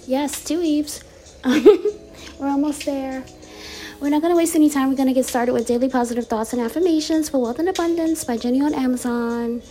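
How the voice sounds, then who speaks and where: A woman with a bubbly, playful manner reading affirmation cards aloud in a casual vlog, laughing often and repeating each card slowly. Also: high-pitched, warm tone.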